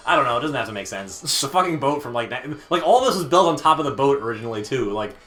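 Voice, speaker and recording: A young man hosting a let's play, reading game text aloud with dramatic narration and quick laughing asides. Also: mid-range voice, animated, fairly bright tone, faint music behind.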